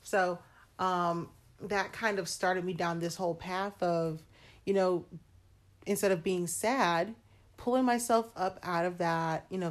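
Chatty woman podcaster talking to "y'all". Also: medium pitch. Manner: chatty and candid, addresses listeners as "y'all" and "honey". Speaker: podcast host. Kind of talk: casual solo podcast talk.

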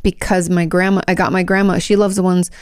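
A woman's voice: fairly low pitch, a little fast, clear, resonant tone, no echo, clean studio sound. A woman co-hosting a podcast, chatting casually and telling stories with frequent laughs. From Washington state. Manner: chatty, laughs often, animated storytelling. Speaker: podcast co-host. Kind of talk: casual chat.

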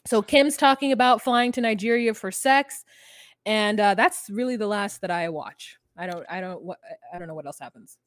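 A woman's voice: medium pitch, no room sound. Sarcastic woman recapping reality TV. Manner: sarcastic, quick, acts out quotes. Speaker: podcast co-host. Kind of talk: casual chat recapping a reality show.

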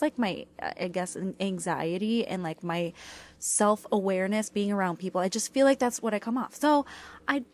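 A young woman talks into a small clip-on microphone at home, hosting her own casual podcast. Her speech rambles, full of fillers and restarts, at an ordinary middle pitch. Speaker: podcast host. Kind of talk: casual solo podcast chat. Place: at home, washer running nearby. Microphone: small clip-on mini microphone.

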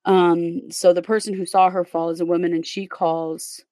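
A woman's voice: fairly low pitch, level tone, moderate pace, warm tone, dry recording. A woman hosting a podcast, telling a true crime case in a casual, step-by-step way with fillers. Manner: conversational, recounts events step by step with fillers.

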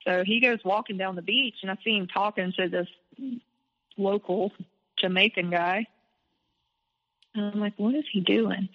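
A woman's voice: mid-range voice, fairly even intonation, unhurried, pauses often, in a large hall, dull audio. A woman guest on a podcast, telling a personal story candidly and animatedly, with frequent filler words.

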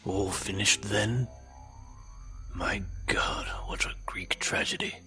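A man voicing a genial older male mad scientist turned fanatic, speaking softly and often in a whisper. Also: fairly low pitch, fairly even intonation, slow pace, slightly rough, faint music behind, heavily acted. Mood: pleasant.

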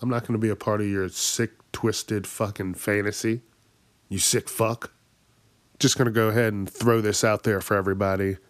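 A man's voice: lowish voice, little pitch movement, normal speed, no echo. A man hosting a podcast, delivering a profane, exasperated comedic rant. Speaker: podcast host. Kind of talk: ranting comedic monologue.

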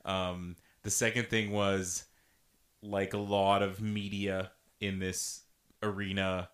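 A man's voice: sits low, flat delivery, takes it slowly, a bit bright. A man co-hosting a casual podcast, making dry, wry comments. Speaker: podcast co-host. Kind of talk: casual chat.

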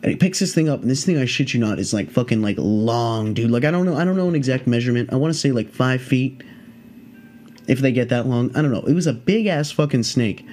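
A man's voice: medium pitch, fairly quick, darkish tone, faint music behind. A man hosting a podcast, telling a story in a casual, rambling way full of swearing and fillers. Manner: profane, rambling, filler-heavy. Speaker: podcast host.

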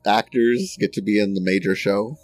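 A man's voice: lowish voice, normal speed, soft background music. A man guesting on a podcast in casual chat, amused and laughing through his points.

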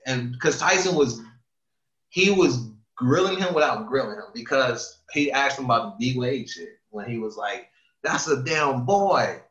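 A man chatting casually, retelling a story with animated quoting and plenty of swearing. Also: mid-range voice, normal speed. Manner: animated storytelling, retells quotes with lots of profanity. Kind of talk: casual chat. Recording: echoey room, dull lo-fi sound.

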